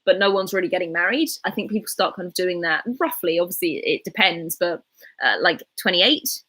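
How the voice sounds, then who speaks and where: Breathy twenty-something english girl, posh southern RP accent, rambly chatty livestream talk. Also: fairly low pitch, expressive, a little fast, bright, forceful tone. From England. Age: 20s. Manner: chatty, rambling, reads chat aloud. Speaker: livestreaming YouTuber. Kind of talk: casual chat reading live comments.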